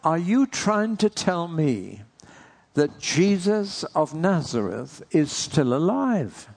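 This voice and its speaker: A man's voice: fairly high pitch, very animated, slow, gravelly, darkish tone, voice pushed up, heavily acted. A man preaching who quotes an earnest young woman, raising his voice a little for her searching questions.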